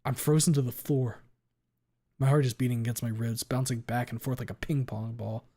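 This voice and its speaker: A man's voice: medium pitch, steady tone, fairly quick, dark tone. A man reading a visual novel aloud in the first person, dramatic, cursing freely and sometimes stumbling over words.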